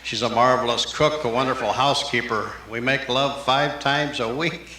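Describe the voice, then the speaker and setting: Bright-voiced stand-up comic on old tape. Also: male voice, mid-range voice, steady tone. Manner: rapid-fire one-liners, jumping into character voices. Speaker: stand-up comedian. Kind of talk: live stand-up joke telling. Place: live comedy venue. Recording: roomy live club tape with hiss.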